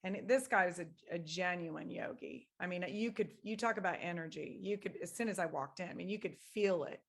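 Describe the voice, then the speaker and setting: A woman's voice: lowish voice, a little fast. A woman who is a podcast guest, speaking reflectively in a casual, rambling way. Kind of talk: casual spiritual conversation.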